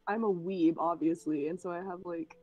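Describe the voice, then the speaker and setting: A woman's voice: lowish voice, fairly even intonation, normal speed, dark tone, dry recording, faint music behind, rough recording. Giggly young woman telling rambling stories. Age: young adult. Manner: rambling storyteller, many "like"s, giggly. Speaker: guest. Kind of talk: casual chat on a stream.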